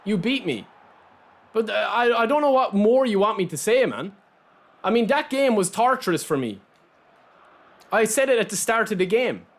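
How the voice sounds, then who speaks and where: A man's voice: high voice, sing-song, moderate pace, long pauses. A man with an Irish accent streaming a football video game, chatting casually and answering viewers directly. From Ireland. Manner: talks straight to chat, reads out and answers viewers' messages. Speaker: gaming streamer. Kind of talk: casual live-stream chat while playing.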